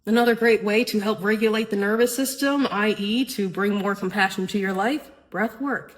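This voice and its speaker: A woman's voice: medium pitch, moderate pace, poor audio. A woman hosting a spiritual self-help podcast, talking in an earnest, casual way with a frequent "right?" and the odd swear word. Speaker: podcast host.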